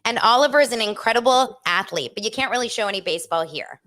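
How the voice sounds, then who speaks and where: A woman's voice: fairly high pitch, lively intonation, fast, pushed and bright. A middle-aged woman hosting a casual live stream, chatty and upbeat, gushing like a proud mom. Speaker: host.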